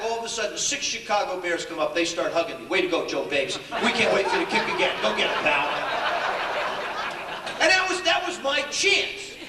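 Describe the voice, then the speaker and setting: An older man telling stories in a high, sharp, bright voice during a motivational speech, chuckling often as he acts out each exchange. The echoey hall makes the sound boom, and the mic sits a fair way from him. A faint murmur of room ambience runs underneath. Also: recorded from a distance. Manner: animated storyteller, acts out dialogue, chuckles often. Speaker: keynote speaker. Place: large echoey hall with an audience.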